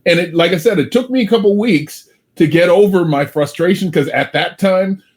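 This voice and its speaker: A man in casual group talk, telling a personal story with lively, acted-out quotes. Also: high voice, normal speed. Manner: animated storytelling, acts out his own angry quotes. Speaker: sales coach.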